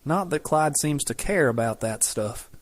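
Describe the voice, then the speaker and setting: A man reading a romance audiobook in scripted narration, steady and measured. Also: a little high, no room sound.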